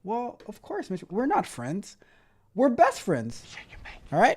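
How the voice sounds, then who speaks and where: A man's voice: high-pitched, wildly swooping pitch, normal speed, breathy edge. Tech coach guy on a livestream, playful, says stuff twice, reading the chat. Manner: playful, repeats his phrases.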